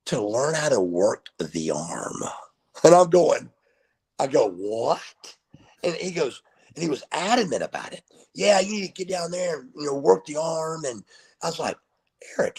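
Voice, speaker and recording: Man, middle-aged, wrestler guest, animated storyteller, raspy, creaky. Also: mid-range voice. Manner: animated storyteller who acts out quoted dialogue. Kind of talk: casual storytelling interview.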